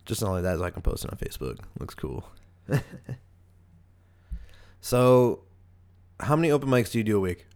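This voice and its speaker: A man's voice: on the low side, big pitch swings, moderate pace, pauses often, a little mellow. A young man from the US hosting a podcast, chatting casually and rambling with lots of fillers and restarts. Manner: loose, rambling, many "like"s and restarts. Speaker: podcast host. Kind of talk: casual chat.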